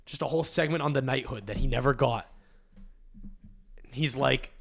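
A man's voice: medium pitch, moderate pace, gravelly, pauses often. Profane, rambling male podcast host. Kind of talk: casual comedic rant.

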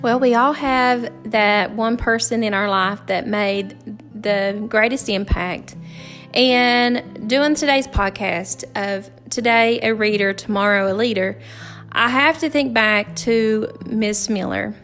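A middle-aged woman, a teacher hosting a podcast, telling a heartfelt personal story in an earnest, halting way with many fillers and restarts. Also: on the high side, a bit bright, faint music behind. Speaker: podcast host and fourth grade teacher.

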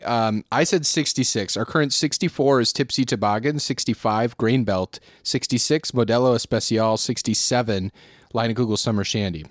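A man's voice: mid-range voice, normal speed, no echo, clean studio sound. A man co-hosting a casual beer podcast, rambling and swearing, often chuckling. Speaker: podcast co-host.

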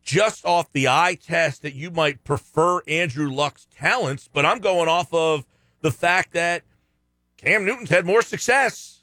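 A man's voice: on the high side, measured pace, no room sound. A man co-hosting a sports radio show, giving firm opinions in casual talk. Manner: opinionated, lively, reads out listener texts.

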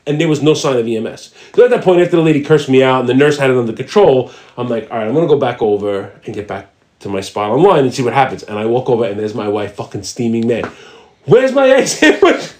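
A man's voice: medium pitch, fast talker, darkish tone. A man co-hosting a podcast, telling a long, profanity-laced anecdote in casual chat. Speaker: podcast co-host.

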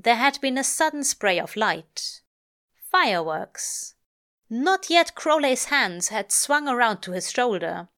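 A woman narrating a piece of fiction, lingering over each line. Her delivery is slow and lyrical, at a middle pitch. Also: fairly bright tone. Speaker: reader. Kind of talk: audiobook-style fiction reading.

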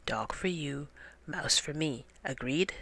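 A woman's voice: fairly low pitch, lively intonation, measured pace, sharp tone, dry recording. A woman voicing a sly, scheming male cat in a storybook reading. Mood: whispering. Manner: smooth, conspiratorial, drops to a whisper when plotting.

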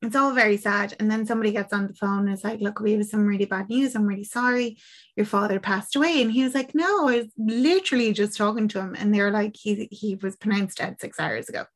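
A woman's voice: medium pitch, fast. A young woman in casual podcast chat, retelling a film plot and acting out the characters' lines. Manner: chatty, acts out quoted lines, swears casually.

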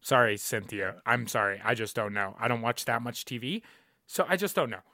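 Young man, podcast host, emphatic profane rant, repeats himself, sharp tone, dry close sound. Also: medium pitch, brisk, dry recording. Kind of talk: casual ranting commentary.

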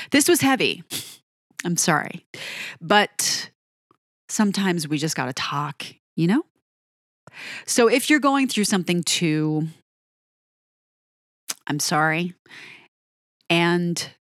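A woman's voice: on the low side, fairly bright tone, dry recording, studio quality. An emotional woman speaking earnestly to her viewers, encouraging them to take care of themselves. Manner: earnest and emotional, speeding up and slowing down. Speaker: music video creator. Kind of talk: heartfelt direct-to-camera talk.

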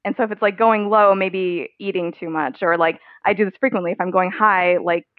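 A woman's voice: on the low side, fairly even intonation, a little fast, no room sound. A woman guest in a podcast interview, talking candidly and chattily with frequent laughs. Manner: candid, chatty, laughs often, many "like" fillers. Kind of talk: conversational interview. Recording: tinny phone-like line.

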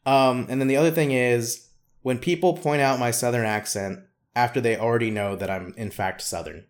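A man's voice: mid-range voice, moderate pace. A man co-hosting a podcast in casual chat, teasing and joking, often trailing off with fillers. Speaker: podcast co-host.

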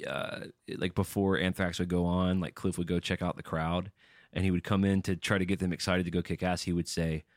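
A very deep-voiced man co-hosting a casual podcast. He trades wry jokes and teasing banter. The recording is dry and close. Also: flat delivery, a little fast, no echo. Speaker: podcast co-host. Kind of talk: casual chat.

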